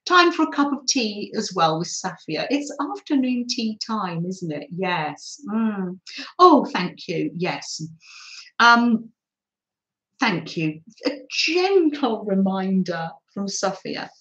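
An older woman talks in an unhurried, easy way, greeting viewers during a relaxed craft live stream. Her soft, chatty voice carries some room echo. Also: mid-range voice, dull audio. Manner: soft, chatty, often laughing and apologising. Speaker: craft channel host.

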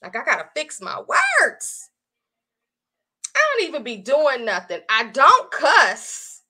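Woman, course creator, casual livestream chat, bright tone, lively and talkative. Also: high voice, measured pace. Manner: chatty, animated, addresses viewers as y'all. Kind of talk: casual live-stream chat.

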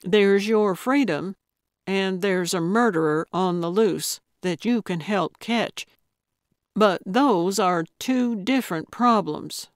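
In an audiobook, a woman narrator voices an elderly amateur detective who is blunt and coaxing, speaking louder and more briskly than her narration does. Her pitch is medium, and the clean studio sound has no echo.

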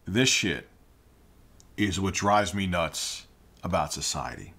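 A man's voice: low-pitched, lively intonation, slow, gravelly, long pauses, a bit bright. A man giving ranting opinion commentary, indignant and heated, firing off rhetorical questions. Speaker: online commentator.

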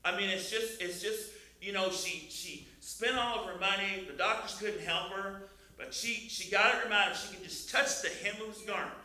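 A man's voice: high-pitched, normal speed, sharp tone, heavy reverb, far from the mic. An older man from Missouri sharing a testimony in church, building to fervent praise. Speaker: church member leading testimony time. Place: church sanctuary.

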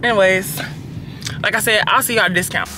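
A young woman vlogging from her car, chatting casually to her phone camera in a slangy, expressive way, swearing freely. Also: mid-range voice, brisk, music in the background. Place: inside a car, on the road.

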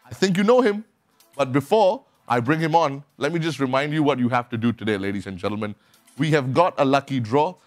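A man's voice: medium pitch, animated, a little fast, faint music behind. A man with a Singaporean accent hosting a live web talk show, upbeat and salesy as he urges viewers to share.

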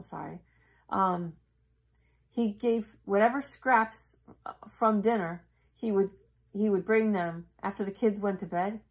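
A woman in casual, earnest storytelling, halting and acting out the voices of the people in her story. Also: medium pitch. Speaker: yoga teacher.

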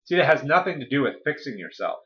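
A man's voice: medium pitch, big pitch swings, fast, muffled recording. A man coaching listeners in a casual, conversational talk, often checking in with "okay?" and "right?". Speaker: weight-loss coach.

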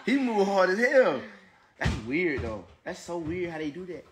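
A man's voice: sits high, big pitch swings, normal speed. Laughing, teasing man on noisy video. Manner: laughing, teasing, loose and profane. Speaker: vlogger and father. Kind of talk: casual vlog chat while filming his toddler.

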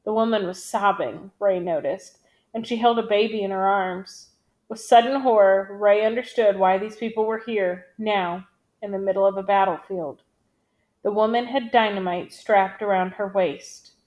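A woman reading a novel aloud in a steady, measured storytelling manner. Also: medium pitch. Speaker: audiobook reader.

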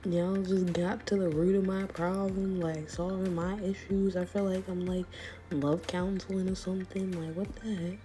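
A woman's voice: lowish voice, level tone, moderate pace, mellow, faint music behind. A young woman vlogger giving casual, slangy commentary on a chat room, laughing often and sometimes dropping to a whisper.

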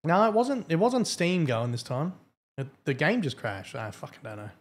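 A young man chats casually on a gaming live stream, cursing a lot and grumbling bluntly between bursts of laughter. His voice is a little high and very animated, at a moderate pace.

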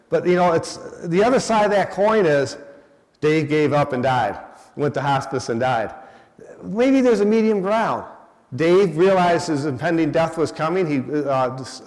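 A man tells stories to an audience and throws them questions. His voice sits a little high for a man, and a long reverb trails after his words in the hall. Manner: conversational, quizzes the audience. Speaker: guest speaker, hospice educator. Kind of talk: storytelling talk to an audience.

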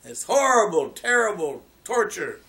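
A man putting on a high, pleading trickster rabbit. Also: sing-song, a little slow, gravelly, bright, forceful tone, exaggerated voice. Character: desperate pleading male cartoon rabbit, tricky. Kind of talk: folk tale retelling in a sermon.

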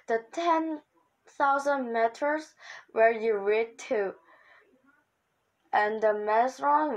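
A woman's voice: fairly high pitch, rough recording. A female reader reading a children's novel aloud, with slips and restarts. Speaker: book reader.

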